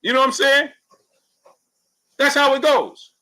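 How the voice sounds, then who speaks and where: A man's voice: very high-pitched, measured pace, low-quality recording. A man with a New York accent hosting a casual sports live stream, talking animatedly and reading viewers' comments aloud. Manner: animated, talks straight to chat, reads comments aloud. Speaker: sports show host.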